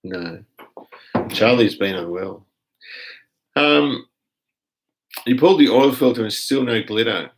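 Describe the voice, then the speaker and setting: An Australian man hosting a casual live stream, chatting in a relaxed, rambling way as he reads out viewer comments. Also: medium pitch, takes it slowly, long pauses, noisy background.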